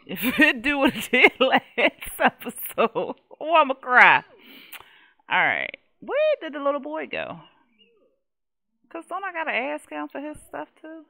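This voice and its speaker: A young woman chats her way through a life-simulation game and talks straight to its characters. Her voice is bright and a little high. Her pitch swings widely, and she laughs easily. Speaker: game streamer. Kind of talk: casual Let's Play commentary.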